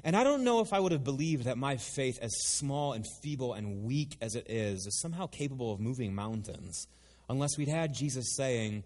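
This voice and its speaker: A man preaching a sermon in a lively, conversational way with playful asides. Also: mid-range voice, moderate pace. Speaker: pastor. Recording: long hall reverb.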